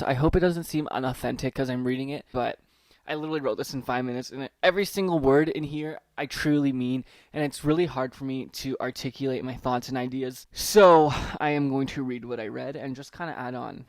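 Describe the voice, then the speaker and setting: A man's voice: medium pitch, steady tone, fairly quick, no echo. A young man hosting a solo podcast intro, nervous and rambling, reading from a letter and swearing casually. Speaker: podcast host.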